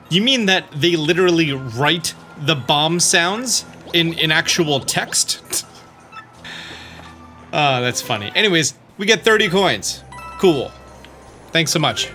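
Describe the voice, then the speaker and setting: A man hosting a game walkthrough in a relaxed way, often saying "let's go ahead". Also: fairly high pitch. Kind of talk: let's-play commentary.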